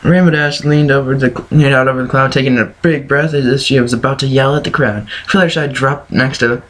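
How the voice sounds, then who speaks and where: A man's voice: mid-range voice, steady tone, a little fast, a bit bright, low-quality recording. Man reading a story aloud. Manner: stumbling, self-correcting. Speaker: reader. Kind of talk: reading fan fiction aloud.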